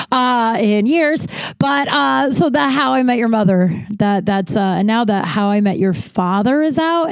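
A woman's voice: gravelly, no echo. Woman in her 30s rambling thru a story, lots of likes and swearing, dry close mic. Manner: animated, jumps high for quoted voices. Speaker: podcast host. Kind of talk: casual storytelling.

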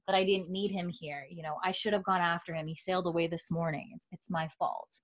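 Woman reading a worried young woman, soft, hurried, lowish. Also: fairly even intonation, dry recording, lightly acted.

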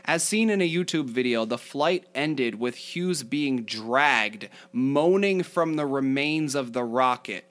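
A man's voice: medium pitch, animated, takes it slowly, hardly any pauses, a bit bright. A man co-hosting a casual podcast reads a news story aloud and breaks into laughter at the odd parts. He stops often for asides and fillers, then goes back to reading. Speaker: co-host reading news articles.

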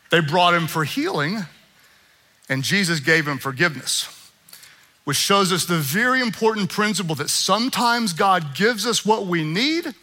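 High bright-voiced preaching pastor. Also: male voice. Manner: preaching with call-and-response, rising to shouts. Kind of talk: sermon. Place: church sanctuary with congregation.

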